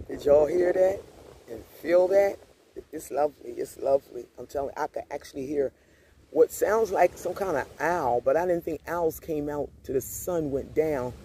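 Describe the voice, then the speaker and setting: Relaxed man vlogging at the beach. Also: fairly high pitch, unhurried, slight background noise. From Grenada. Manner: relaxed, storytelling, uses y'all and repeats phrases. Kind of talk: casual vlog chat. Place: outdoors at a beach.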